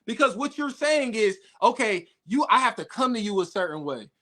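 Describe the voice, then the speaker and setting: A young man co-hosts a radio talk show with a very high, bright voice. He challenges the other speaker bluntly and keeps throwing rhetorical questions back at him. He stays firm, with a direct edge. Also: big pitch swings, normal speed. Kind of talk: heated casual debate.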